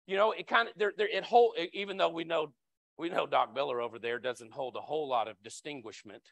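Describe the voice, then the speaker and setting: In a church sanctuary with no echo, a lay preacher serving as an elder gives a conversational sermon at a brisk pace with vocal fry. He often repeats his words and breaks into loud, high cries when voicing people in the story.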